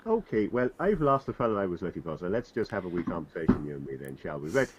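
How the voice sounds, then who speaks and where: A man's voice: deep voice, big pitch swings, fast talker, breathy edge, voice pushed down, full character voice. A man voicing a male tavern owner who haggles over damages and a bulk deal. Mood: bargaining. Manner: wheedling, bargaining. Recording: dull lo-fi, faint noise.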